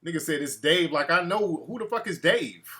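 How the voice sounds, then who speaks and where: A man hosts a loose call-in show in a slightly high voice. He is brash and curses freely as he riffs on his chat and callers. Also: animated, fairly quick, pushed and bright. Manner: brash, profane, reacts to live chat. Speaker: talk show host.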